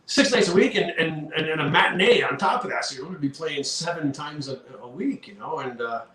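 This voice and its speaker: A middle-aged man from Canada, a rock musician telling animated road stories in a casual interview, with lots of fillers. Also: a little high, brisk, recorded from a distance. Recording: roomy echo with faint background hum.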